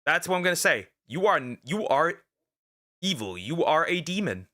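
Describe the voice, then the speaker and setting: A man streaming as a vtuber, talking in casual react commentary, rambling and halting with lots of fillers and restarts and speaking out bluntly. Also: on the high side, very animated, sharp tone. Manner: outspoken, ranting.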